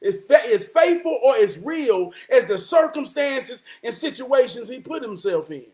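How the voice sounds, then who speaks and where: A man giving a preachy motivational monologue, emphatic and profane, often rising to a shout and slowly repeating key lines for weight. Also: extremely high pitch, animated. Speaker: motivational vlogger.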